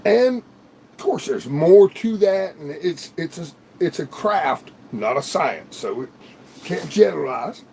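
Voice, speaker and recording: A man's voice: fairly high pitch, expressive, measured pace, vocal fry, dark tone, a little hiss or hum. A man hosting a livestream in casual, rambling chat, swearing freely and laughing often. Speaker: livestream host. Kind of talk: casual live-stream chat.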